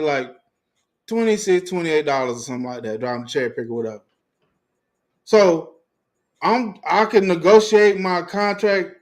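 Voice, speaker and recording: A man with a fairly high voice hosts a casual fan livestream, reading chat comments aloud. He rants in heavy slang and profanity, stumbles over his words and laughs often. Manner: profane, animated, laughs often, restarts a lot; heavy slang, talks straight to viewers. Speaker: sports fan livestream host.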